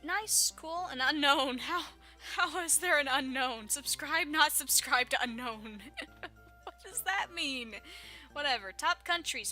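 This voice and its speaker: Speaking slowly with lively intonation, the Texas YouTuber in her twenties rambles to her audience in a Southern accent, giggly and self-deprecating. Her high, bright voice has a forceful edge, and faint music sits in the background.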